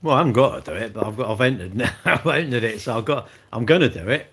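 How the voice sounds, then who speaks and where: A man chats in a loose, cheeky ramble on a home livestream. He talks with his mouth full and answers viewers as he goes. His pitch sits in an ordinary middle range. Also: expressive, fast talker, fairly bright tone, breathy edge. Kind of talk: casual livestream chat while eating.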